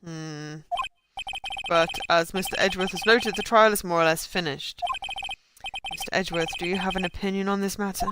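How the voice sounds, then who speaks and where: A woman voicing an older male judge in a video game, slow and ponderous with hesitant hums, over game music. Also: lowish voice, steady tone, very noisy, voice pushed down, natural voice. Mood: deliberate.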